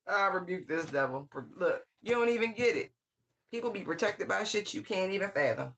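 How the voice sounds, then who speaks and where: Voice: mid-range voice, animated, moderate pace, fairly bright tone, slight background noise. A tarot reader giving a casual channeled reading, full of slang and swearing, who scolds with sassy call-outs and repeated phrases. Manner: slang-heavy, swears freely.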